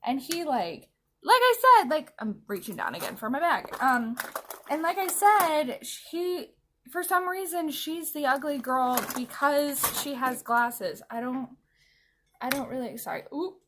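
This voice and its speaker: Woman vlogger with a slightly higher voice, rambling and giggly over a makeup routine. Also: lively intonation, unhurried, noisy background. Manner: chatty, rambling, laughs often. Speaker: anime vlogger. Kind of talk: casual chat while doing makeup. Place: at home, applying makeup.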